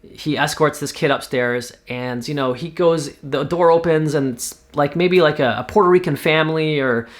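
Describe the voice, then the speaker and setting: A man from Canada casually pitching a TV series, talking in a rambling way with lots of fillers. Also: normal speed. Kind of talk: casual spoken story pitch.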